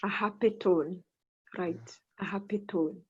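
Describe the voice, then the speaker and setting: A woman's voice: on the low side, measured pace, very noisy. A woman teacher leading an online English lesson, prompting students and repeating their answers back. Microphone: video call. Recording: muffled video call audio.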